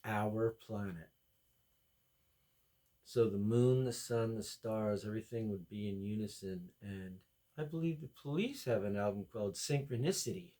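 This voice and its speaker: A man with a fairly low voice rambles through a comedy monologue. He talks with excitable energy and jumps from one tangent to the next. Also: measured pace. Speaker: podcast host.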